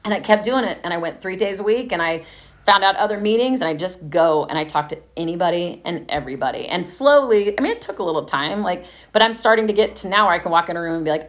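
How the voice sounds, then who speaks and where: A woman's voice: fairly low pitch, animated, fast talker. A woman from Texas telling her recovery story in a casual, chatty way, swearing freely and laughing often.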